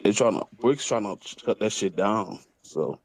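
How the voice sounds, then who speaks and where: A Haitian-accented man in his thirties calls in to a talk stream. His voice sits on the low side, and he talks in halting bursts, restarting his sentences and swearing casually. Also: expressive, vocal fry, a little mellow, no echo. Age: 30s. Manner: halting, with many restarts and curse words. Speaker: caller. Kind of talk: casual call-in chat.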